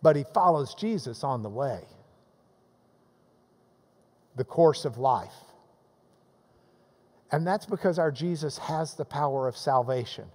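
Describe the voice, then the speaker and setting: A man preaching a sermon as a pastor, animated, acting out the voices in the passages he quotes. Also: mid-range voice, a little slow, long pauses, big-room sound.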